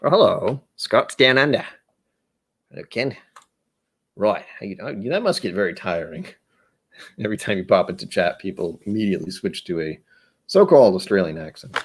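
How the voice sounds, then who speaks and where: A man's voice: lowish voice, very animated, moderate pace, pauses often, slightly rough. A man from the United States hosting a casual whiskey livestream, chatty, rambling and self-deprecating as he reads chat aloud. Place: indoors at home.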